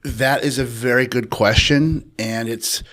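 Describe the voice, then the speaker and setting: Unhurried reflective male storyteller. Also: medium pitch, steady tone, fairly bright tone. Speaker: interview guest, author and researcher. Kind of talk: personal storytelling in an interview.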